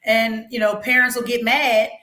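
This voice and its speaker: A woman's voice: a little high, little pitch movement, normal speed, pushed and bright, roomy sound. A woman hosting a casual talk show, outspoken, swearing freely and laughing often. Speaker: podcast host. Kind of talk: casual chat.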